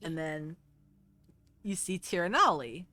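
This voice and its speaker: A woman game master narrating a tabletop game. Her voice sits a little low, and she narrates casually with plenty of fillers. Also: lively intonation, takes it slowly, bright, forceful tone.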